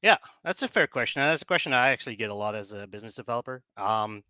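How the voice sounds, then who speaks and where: A man's voice: medium pitch, expressive, rapid-fire, few pauses, pushed and bright, no room sound. A man on a remote call, explaining things as a business developer in a casual chat, with many fillers and restarts. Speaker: guest, project business developer.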